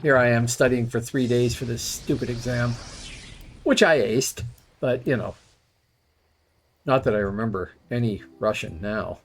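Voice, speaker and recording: A middle-aged man chats at a medium pitch as he plays, drifting from one dry anecdote to the next. He sounds relaxed and conversational, a streamer talking to his viewers while he plays. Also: measured pace, long pauses, a little hiss or hum. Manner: rambling, wry storytelling. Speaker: gaming streamer. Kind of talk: casual commentary while playing.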